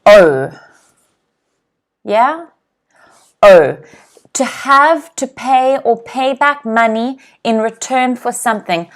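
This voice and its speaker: A woman teaching a live online English lesson, saying each word slowly and clearly and having viewers repeat it. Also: on the high side. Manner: slow, clear teacher's voice, drills words for repeating.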